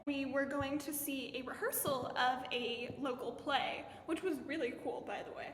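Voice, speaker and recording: Young woman, high-pitched, bubbly casual vlogger storytelling, roomy echo. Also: steady tone, moderate pace, fairly bright tone, a little hiss or hum. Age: young adult. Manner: bubbly storytelling, heavy use of "like". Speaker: college student vlogger. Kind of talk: casual chat. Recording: roomy echo with long reverb.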